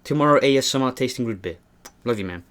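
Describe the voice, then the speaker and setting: A man's voice: mid-range voice, expressive, fast, background noise. A young man hosting a mukbang vlog, talking to the camera in a rambling, earnest way and often calling his viewers "man". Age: young adult. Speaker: mukbang vlogger. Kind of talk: casual talk to camera while eating.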